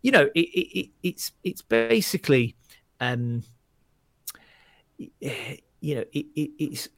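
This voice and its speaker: A man's voice: a little high, sing-song, slow, creaky, a bit bright, dry recording. A male stand-up comedian chatting casually, rambling with many restarts and fillers as he tells stories. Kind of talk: casual chat.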